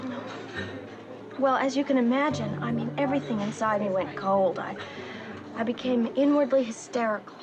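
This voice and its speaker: An actress plays a needy, theatrical young woman in a 1970s film comedy. Her high voice swings between swooning and breathless confession. Loud music plays behind her. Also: moderate pace, dull audio, lightly acted. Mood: melodramatic. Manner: breathless and melodramatic. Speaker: film character.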